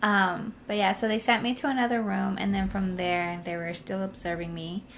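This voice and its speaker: Soft-spoken young woman, rambling storyteller. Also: medium pitch, flat delivery, normal speed, a little hiss or hum. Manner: rambling, full of "like" and "you know". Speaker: vlogger. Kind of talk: casual storytelling to camera.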